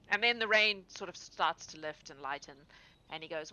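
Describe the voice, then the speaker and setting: Woman game master, bright lowish voice, loose chatty narration with laughs. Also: rough recording. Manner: casual, laughing, quick asides.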